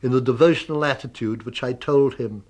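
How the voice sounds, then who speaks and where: A man recalling an old friend in a measured, wry anecdotal way. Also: medium pitch, a little mellow. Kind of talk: spoken reminiscence.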